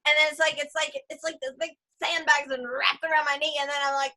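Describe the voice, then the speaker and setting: A young woman hosting a comedic casual chat, animated and full of "like", acting out her aches with cries. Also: sits high, fast talker. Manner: animated, acts out her body parts with cries and shouts; says "like" a lot, Valley Girl talk. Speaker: host.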